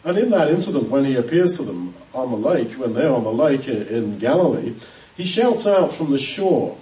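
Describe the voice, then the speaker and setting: A man's voice: mid-range voice, very animated, moderate pace, mellow. A man preaching an expository sermon, earnest and emphatic, often restarting words. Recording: echoey room, voice from a distance.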